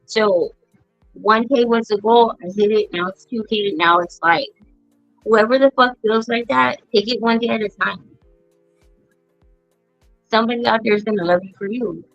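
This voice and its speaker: A woman's voice: a little high, normal speed, vocal fry, pauses often, fairly bright tone, no room sound, soft background music. A middle-aged woman hosting a podcast, telling family stories bluntly with plenty of swearing. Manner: blunt, profane storytelling. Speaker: podcast host. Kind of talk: casual chat. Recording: dull lo-fi sound.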